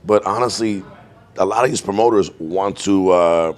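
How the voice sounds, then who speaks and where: A man's voice: deep voice, normal speed. A man who manages artists, co-hosting a podcast and stressing his points by repeating words in a casual conversation. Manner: emphatic, repeats words for emphasis.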